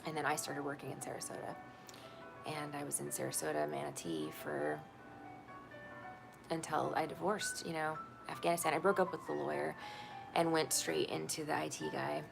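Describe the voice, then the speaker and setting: A woman's voice: deep voice, creaky. A woman telling her own story in casual talk, candid and profane, often laughing.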